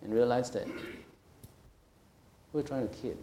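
A middle-aged man delivers a sermon with an emphatic, conversational manner, often pausing to check that his listeners follow. His voice sits at an ordinary middle pitch. The room around him is echoey, like a church hall. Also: dark tone, a little hiss or hum. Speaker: pastor.

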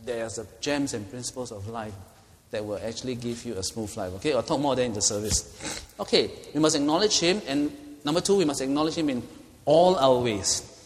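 A middle-aged pastor leads a Bible study in a chatty teaching manner, pausing often to ask "okay?". His voice sits at an ordinary male pitch. The sound carries a long reverb from a church hall. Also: a little hiss or hum. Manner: conversational, frequent "okay?" check-ins.

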